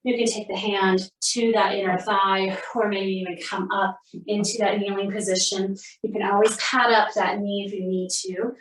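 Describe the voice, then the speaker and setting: A woman teaching a guided yoga class, cueing poses calmly and steadily, a little out of breath at times. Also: medium pitch, normal speed. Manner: calm, steady cueing, breathing between phrases. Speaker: yoga instructor. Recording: roomy sound, mic at a distance.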